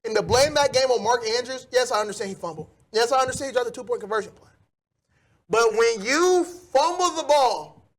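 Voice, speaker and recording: A man hosting a solo sports podcast, ranting animatedly with loud outbursts. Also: very high voice.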